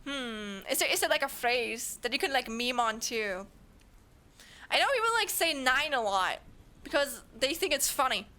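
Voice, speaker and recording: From her home streaming setup, a young German woman with a German accent chats casually with viewers, giggling and rambling with plenty of fillers. Her voice sits high and sounds expressive, pushed, and bright at a moderate pace.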